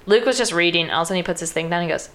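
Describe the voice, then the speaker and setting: A young woman in casual chat, retelling a film's plot in a loose, chatty way full of "like" and quick quoted voices. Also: fairly low pitch, a bit bright. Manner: chatty, heavy use of "like", breaks into quoted voices.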